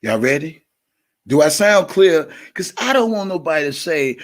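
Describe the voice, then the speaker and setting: A man's voice: fairly high pitch, expressive, measured pace. Blunt, profane man hosting a live stream. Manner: blunt and profane, talks straight to viewers. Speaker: YouTube commentary blogger and host. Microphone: checks his mic on stream.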